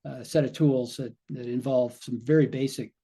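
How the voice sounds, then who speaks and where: A man with a mellow, slightly husky voice explains things in conversation as a physician guest. He slips into quoted asides to voice what the brain might be saying. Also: medium pitch, fairly even intonation, moderate pace.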